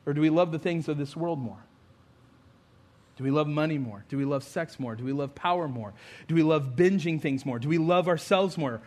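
A man, a pastor, preaching a sermon in a conversational storytelling way, with emphatic rising build-ups. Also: fairly high pitch.

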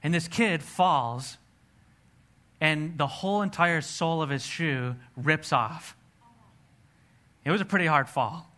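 A man's voice: fairly high pitch, slow pace, long pauses, bright, forceful tone. A man preaching a sermon, telling a personal testimony in an earnest storytelling way. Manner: earnest storytelling, acts out his own past dialogue.

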